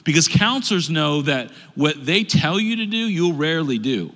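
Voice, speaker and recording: A man's voice: fairly high pitch, normal speed, big-room sound. A middle-aged man, a pastor, preaching a sermon from a church stage, telling stories and acting out quotes with animation. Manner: animated storytelling with acted quotes.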